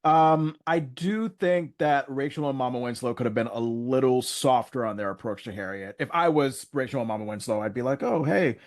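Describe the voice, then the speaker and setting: A man's voice: mid-range voice, brisk, few pauses. Man, podcast co-host, casual chat, mid-range voice, chatty and hedging.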